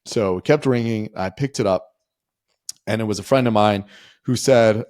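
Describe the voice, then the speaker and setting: A man's voice: lowish voice, moderate pace, a little mellow, no room sound, clean studio sound. A man in his forties, a podcast guest, telling a personal story in a rambling, conversational way with lots of fillers. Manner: rambling, frequent "like" and "you know" fillers.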